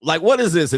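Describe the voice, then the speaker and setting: A man's voice: a little high, sharp tone, breathy edge, dry recording, studio quality. A man hosting a casual commentary show, reacting to clips in a profane, mocking way and laughing often. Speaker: host.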